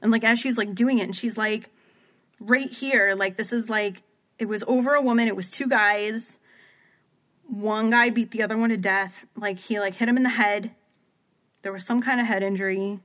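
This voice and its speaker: A woman's voice: medium pitch, steady tone, normal speed, fairly bright tone. Chatty woman rambling through a story. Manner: rambling storyteller, heavy use of "like", acts out quotes. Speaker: podcast co-host recapping a paranormal TV episode. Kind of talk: casual chat.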